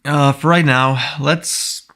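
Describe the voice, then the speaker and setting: A man's voice: medium pitch, fairly even intonation, takes it slowly, fairly bright tone. A young man in his twenties streaming his game development, talking casually and thinking aloud with frequent restarts. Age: 20s. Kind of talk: casual live-stream talk while coding.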